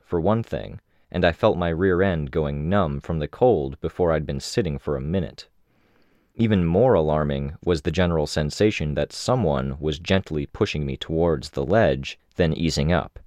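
Deep-voiced man narrating a novel. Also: darkish tone, dry recording. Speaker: audiobook narrator. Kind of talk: first-person novel narration.

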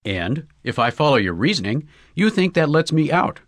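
A man voicing an excitable young male golfer, talking earnestly in breezy slang. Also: a little high, moderate pace, dry recording, studio quality, voice pushed up.

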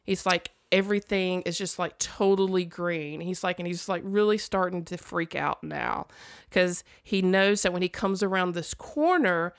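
A woman's voice: fairly low pitch, fairly even intonation, moderate pace, dry recording, studio quality. A woman, co-hosting a casual podcast chat in a home basement and telling a story with lots of "like" fillers. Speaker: podcast co-host.

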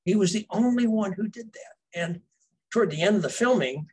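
A man's voice: high voice, animated, moderate pace, a little mellow, slightly rough, rough recording. A man, a novelist guest, telling casual behind-the-scenes stories in a rambling way, with fillers and restarts. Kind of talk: casual storytelling.

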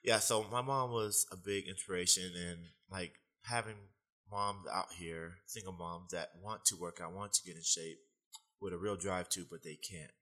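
A young man being interviewed, telling animated stories and laughing often in casual talk. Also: deep voice, moderate pace, rough recording. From United States. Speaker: guest, fitness trainer.

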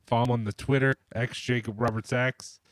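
Dry-sounding podcast co-host, rambling and joking. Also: male voice, mid-range voice, flat delivery, a little fast, dry recording. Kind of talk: casual podcast chat. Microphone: desk mic on a stand. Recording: remote call recording.

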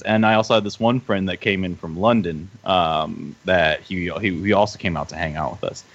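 Low-voiced, hesitant man, dull lo-fi sound. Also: brisk, few pauses. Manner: hesitant, rambling, with laughs. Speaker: podcast guest. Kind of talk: casual chat.

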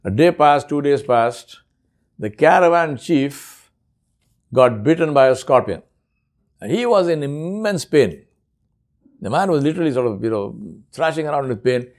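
A man's voice: a little high, expressive, moderate pace, long pauses, darkish tone. A man preaching a sermon, telling a story earnestly and using frequent Arabic honorifics.

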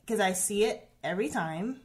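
A woman in her thirties tells a personal story in a relaxed conversation. She speaks earnestly and often restarts, leaning on "like" and "um". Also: mid-range voice, moderate pace. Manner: earnest, heavy use of "like" and "um", many restarts. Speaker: guest sharing a personal story.

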